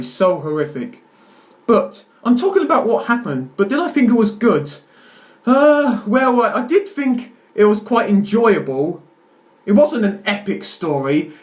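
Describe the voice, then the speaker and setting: A young man rambling through a casual film review to camera at home, stammering and exaggerating for laughs. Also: high-pitched. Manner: rambling, self-interrupting, jokey exaggeration. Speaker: video reviewer.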